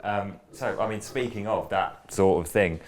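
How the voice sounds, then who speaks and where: A man's voice: fairly low pitch, unhurried. A man interviewing a guest in a pub, asking casual questions.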